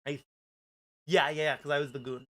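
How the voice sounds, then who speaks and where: Halting, playful man streaming. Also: on the high side, flat delivery, fairly bright tone. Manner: playful, halting, trailing off in fillers. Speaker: streamer and voice actor. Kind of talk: casual livestream chat.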